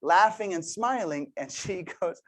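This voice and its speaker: Guy in his 30s doing a pep talk, storytelling, goes quiet then suddenly loud. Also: high voice, unhurried. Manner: energetic, storytelling, swings from quiet asides to loud bursts. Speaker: motivational speaker. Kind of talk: motivational talk to a team.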